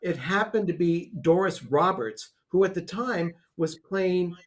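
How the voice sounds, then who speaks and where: Chatty, animated male storyteller. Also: sits high, unhurried. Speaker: co-host. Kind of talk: casual watch-party commentary.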